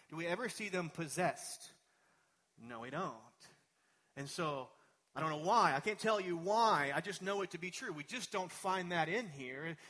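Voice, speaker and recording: Conversational pastor preaching to a congregation. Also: male voice, a little high, a bit bright. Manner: conversational, digressive preaching with asides. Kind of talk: sermon. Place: church sanctuary.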